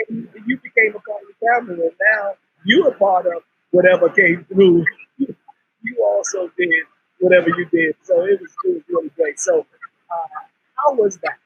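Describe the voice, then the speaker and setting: A man interviewing a guest in a casual chat, talking in a rambling, halting way. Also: sits high, big pitch swings, creaky, husky, dry recording, dull audio. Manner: rambling, halting, full of restarts and laughs. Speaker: interviewer, martial arts grandmaster.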